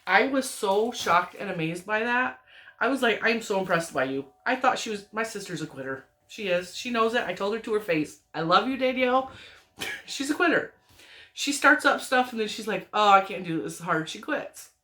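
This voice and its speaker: A woman's voice: medium pitch, moderate pace. A woman crochet vlogger, perhaps in her thirties, chatting at home in a rambling, giggly way as she tells family stories. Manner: rambling, giggly, animated retelling with frequent laughs. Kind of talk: casual chatty storytelling.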